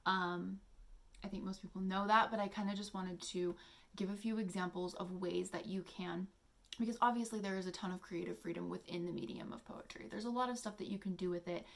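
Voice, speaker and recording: Young woman, casual teaching vlog, chatty, soft-spoken, lots of fillers, mid-pitched voice. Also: fairly even intonation, fairly quick, vocal fry. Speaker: poetry channel host.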